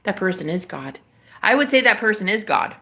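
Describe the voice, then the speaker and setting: A woman with a bright, forward voice tells a story on her livestream. She talks casually and with lots of energy, and she acts out the people on the phone in quoted voices. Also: mid-range voice, sing-song, brisk. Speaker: livestream host.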